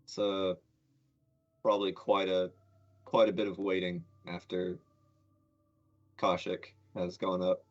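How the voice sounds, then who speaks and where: Low, slow-talking male player. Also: completely flat delivery. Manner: halting, thoughtful. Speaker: tabletop game player. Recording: muffled lo-fi audio with faint music.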